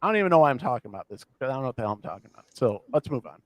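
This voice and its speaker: Speaking rapid-fire at a medium pitch, with no echo on the recording, a man from the Midwest co-hosts a podcast. The talk is casual and rambling, lively, with plenty of jokes at his own expense.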